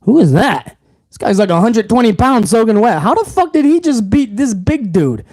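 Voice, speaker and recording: A man's voice: sits high, big pitch swings, moderate pace, a little mellow, full character voice. A man voicing a confused male casual TV viewer who mutters in puzzlement. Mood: puzzled.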